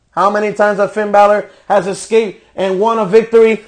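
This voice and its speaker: A man's voice: high-pitched, flat delivery, moderate pace. A man hosting a podcast, reviewing a wrestling show in a profane, exasperated rant. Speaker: podcast host.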